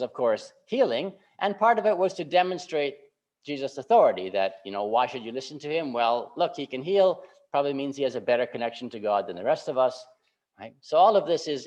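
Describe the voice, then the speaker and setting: A man giving a sermon as a pastor, speaking informally and often checking in with a quick "right?". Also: medium pitch. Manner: informal, keeps asking "right?" to check in with listeners. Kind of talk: conversational sermon. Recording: dull lo-fi recording.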